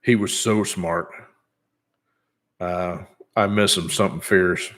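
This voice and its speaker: A man's voice: deep voice, fairly even intonation, slow pace, fairly bright tone. A man in his fifties chatting casually on his vlog in a rambling, easygoing way, with many fillers. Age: 50s. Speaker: channel host.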